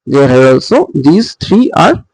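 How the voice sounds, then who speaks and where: A male literature teacher with a gravelly, somewhat high voice, talking slowly and thinking aloud between points. He is recorded close up in a dry space with no room sound. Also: big pitch swings, darkish tone, no echo, low-quality recording. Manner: slow, halting explanation with frequent fillers and restarts. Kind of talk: recorded lecture on poetic meter.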